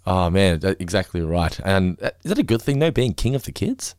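A man's voice: low-pitched, a little fast, clear, resonant tone, no room sound, clean studio sound. A man co-hosting a podcast, chatting casually and acting out voices when he tells stories. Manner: animated storyteller, acts out voices. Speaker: podcast co-host.

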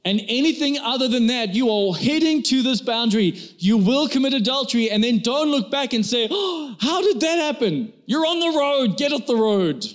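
A male pastor delivering a sermon to a congregation in a church hall, urging them directly and forcefully. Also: extremely high pitch, animated, moderate pace, few pauses. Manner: urgent, exhorting, speaks straight to the congregation.

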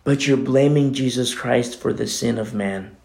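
A man's voice: medium pitch, unhurried, vocal fry, darkish tone. A man preaching a sermon as co-pastor, talking in a conversational way with many asides.

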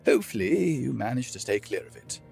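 A man's voice: medium pitch, sing-song, brisk, vocal fry, darkish tone, soft background music, voice pushed up. A man doing a bitter, hissing old dwarf. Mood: mocking.

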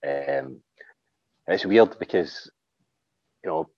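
A man's voice: extremely low pitch, takes it slowly, a little mellow, no room sound, lo-fi sound. A man with a Glaswegian accent, an author guest chatting casually on a podcast, swearing freely and dropping "like" and "aye".

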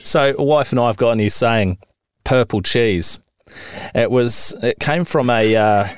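A man's voice: lowish voice, no room sound, clean studio sound. A man with a New Zealand accent co-hosting a podcast, chatting casually with laughter and swearing. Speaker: podcast co-host. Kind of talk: casual chat.

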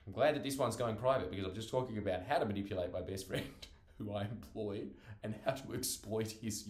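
Young guy, fairly low voice, loose profane podcast ramble, recorded in an echoey room. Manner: rambling, profane, self-interrupting. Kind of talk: casual monologue.

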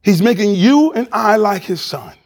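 A male pastor preaching a sermon with animated preaching that drops to a hush. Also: high-pitched, moderate pace, vocal fry.

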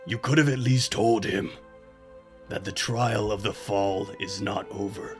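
A man's voice: lowish voice, steady tone, a little slow, soft background music. A man voicing a stern female alien warrior who speaks in short, formal, clipped lines. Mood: reproachful.

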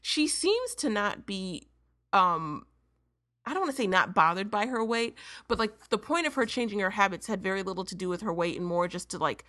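Bright, chatty woman with dry sound. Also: medium pitch, big pitch swings, moderate pace, no echo. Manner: chatty, laughs often, self-deprecating. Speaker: podcast co-host. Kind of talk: casual book-club chat.

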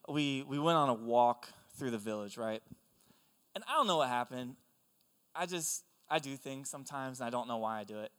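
A young man preaching a sermon, telling stories in an animated, conversational way. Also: medium pitch, smooth. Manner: animated storytelling, excitable and conversational. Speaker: pastor. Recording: long hall reverb.

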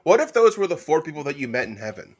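A man co-hosting a comedy podcast, trading playful, quick-witted banter. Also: a little high, very animated. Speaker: podcast co-host.

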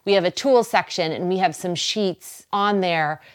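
A woman's voice: on the low side, moderate pace. A woman from Boston with a Boston accent, hosting a wellness show in a chatty, encouraging way and laughing easily. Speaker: host. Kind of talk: casual wellness talk to camera.

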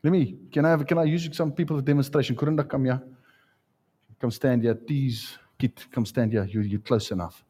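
A pastor with a medium-pitched, slightly rough voice speaks a little fast as he preaches to a church congregation. He tells stories with animation and calls people up for a live demonstration.

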